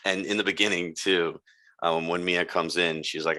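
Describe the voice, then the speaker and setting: A man's voice: low-pitched, steady tone, moderate pace, sharp tone, dry recording. A man co-hosting a casual TV recap podcast, laid-back and slangy. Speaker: podcast co-host. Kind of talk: casual chat.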